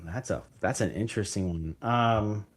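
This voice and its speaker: In a relaxed interview, this podcast guest, a man who invests in real estate, explains his business approach with eager, meandering talk, frequently stopping to restart and using lots of filler words. He speaks at a moderate pace in a fairly low voice that carries a breathy edge.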